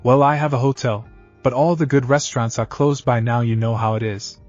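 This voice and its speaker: A man's voice: mid-range voice, fairly quick, darkish tone, no echo, soft background music, lightly acted. Boastful older ninja uncle, blustering, narrator's own male voice. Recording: dull lo-fi audio.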